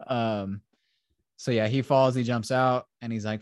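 A man's voice: mid-range voice, fairly even intonation, a little slow, darkish tone, clean tone, no echo, studio quality. A man hosting a casual podcast, animatedly retelling a film scene by scene, acting out the characters and swearing freely. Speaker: podcast host.

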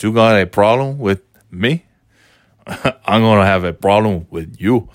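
A man's voice: lowish voice, unhurried, no echo, studio quality, lightly acted. A man putting on a cocky, swaggering wrestler tough-guy character, talking in a taunting street-tough drawl.

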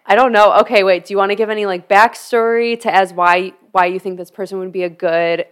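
Young woman podcast host, smooth clear voice, casual chatting, lots of yeah and like. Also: medium pitch, level tone, a little fast. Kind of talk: casual chat.

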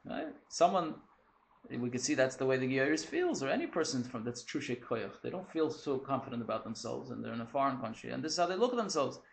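A man teaching a lively text study class, quick and animated, mixing in Hebrew and Yiddish terms. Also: mid-range voice, vocal fry, echoey room.

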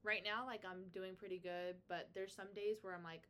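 A young woman co-hosts a podcast, chatting casually and peppering her speech with "like." Her mid-range voice is fairly bright, with fairly even intonation at a moderate pace, and slight background noise is audible.

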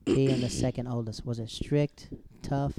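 A man's voice: medium pitch, steady tone, measured pace, gravelly, mellow, no room sound. A man hosting a casual interview, asking teasing questions and laughing easily. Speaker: host.

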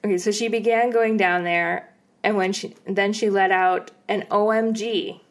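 A woman's voice: medium pitch, normal speed. A woman co-hosting a podcast, casually recounting ghost stories with fillers and easy laughs. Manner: relaxed, rambling with fillers and laughs. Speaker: podcast co-host. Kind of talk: casual storytelling chat.

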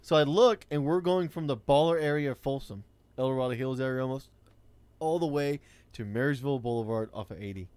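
A man's voice: medium pitch, a little fast, darkish tone, clean tone, no echo. A man, telling a rideshare-driving story in blunt, profane casual chat.

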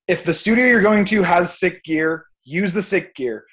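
A man's voice: sits high, animated, a little slow, a bit bright. A young man, a music producer, ranting emphatically and swearing freely as a guest on a podcast. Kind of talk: casual podcast chat.

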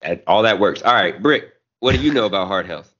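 A man's voice: lowish voice, lively intonation, brisk, a bit bright, husky. A man co-hosting a podcast, chatting loosely with crude jokes and banter. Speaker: podcast co-host. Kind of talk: casual chat. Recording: dull lo-fi sound.

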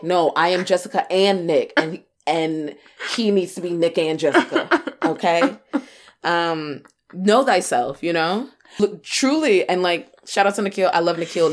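A young woman co-hosting a podcast, chatting casually and acting out quoted voices, laughing often. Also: on the low side. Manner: animated, acts out quoted voices. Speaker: podcast co-host. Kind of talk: casual chat.

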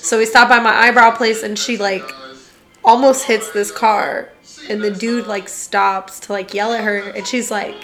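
Bright, loud young woman. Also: mid-range voice, a little slow, faint music behind. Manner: animated storyteller, loud laughs. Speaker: podcast co-host. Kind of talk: casual chat.

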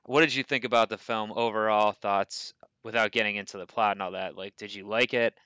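A man co-hosting a casual movie podcast, with a bright, forceful voice recorded close and dry. He sounds animated and argues back with energy, and his pitch sits a little low. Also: a little fast, smooth, no room sound, rough recording. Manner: animated, pushes back in debate. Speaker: podcast co-host.

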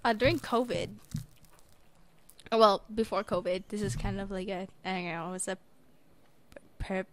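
A woman's voice: mid-range voice, normal speed. A young woman co-hosting a podcast, telling a story in casual chat and acting out the people in it. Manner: animated storyteller, acts out voices in quotes. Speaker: podcast co-host.

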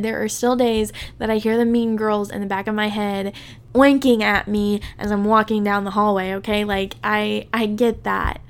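A woman hosting her own podcast in casual solo talk, gushing and profane, with lots of "like" fillers. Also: medium pitch. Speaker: podcast host.

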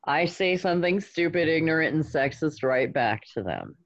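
Woman, podcast guest, very low voice, short replies, dull sound. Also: lively intonation, moderate pace. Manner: agreeable, brief replies. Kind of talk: casual chat.

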